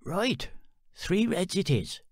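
A man voicing a brisk older countrywoman selling chickens, teasing and motherly, speaking slowly. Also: sits high, very animated, no echo, studio quality, voice pushed up, full character voice. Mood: teasing, kindly.

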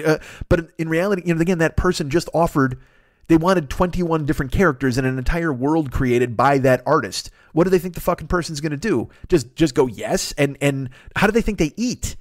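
Fast, profane ranting male podcast host. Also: on the high side, dry recording, clean studio sound. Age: 40s. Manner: profane, rambling, quick riffing rant with mock voices. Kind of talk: solo comedic monologue.

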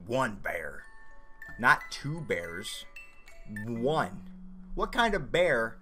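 A young man giving casual let's-play commentary, excitable, yelping and shouting at the game. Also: slightly rough, soft background music. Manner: reads instructions aloud fast in a high, mocking voice. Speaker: gaming YouTuber.

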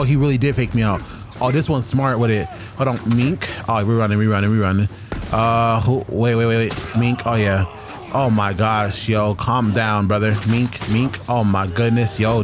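A young man commenting on his own gameplay, chatty and excitable, trash-talking enemies as he fights. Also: medium pitch, noisy background. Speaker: gaming streamer. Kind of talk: let's-play commentary.

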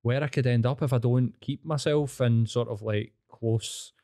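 A mid-range, warm voice with fairly even intonation belongs to a Glaswegian man in his thirties, speaking at normal speed in a clean, echo-free studio recording. Guesting on a podcast, the Scot tells blunt, sweary stories candidly, rambling and starting over mid-thought.

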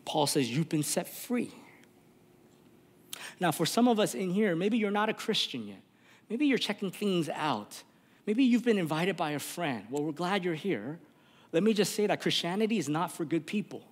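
A man's voice: high-pitched, sing-song, normal speed. A man preaching a sermon as pastor in a church, earnest and rising to impassioned appeals. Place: church sanctuary. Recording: reverberant church hall.

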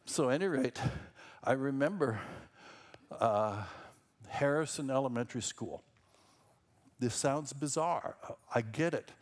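A man's voice: mid-range voice, unhurried, long pauses. A middle-aged man from Minnesota preaching a sermon as senior pastor, conversational and rambling, with self-deprecating asides.

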